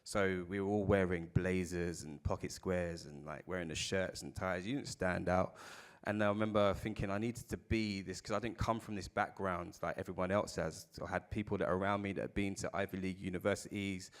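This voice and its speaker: A man with a South London accent talks on a live festival panel, his voice sitting a little low. He tells candid stories about work, loose and conversational, and drops the odd swear word. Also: fairly even intonation, brisk, hardly any pauses. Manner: candid storytelling with casual swearing. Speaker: panel speaker.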